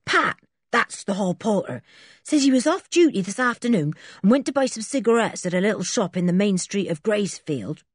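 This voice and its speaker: Eager teenage garage boy, bouncy and husky, read by a woman. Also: mid-range voice, no room sound, clean studio sound, voice pushed up.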